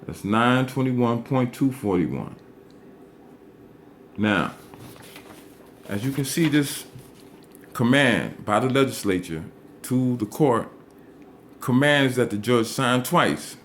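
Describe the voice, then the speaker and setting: A man explaining a legal statute, reading it aloud slowly and stressing and repeating key words. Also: mid-range voice, animated, fairly bright tone, slight background noise.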